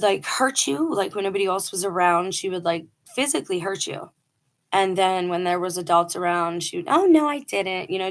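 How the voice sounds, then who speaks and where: A middle-aged woman telling a personal story in a casual, earnest and emphatic way, acting out quoted dialogue. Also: mid-range voice. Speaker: vlogger telling a personal testimony.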